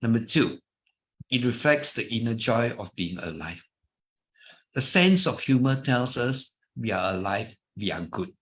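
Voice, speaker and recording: A man's voice: mid-range voice, lively intonation, unhurried, a bit bright. A middle-aged man with a Malaysian English accent, giving an informal dharma talk full of anecdotes, chatty with restarts and asides. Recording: muffled lo-fi recording.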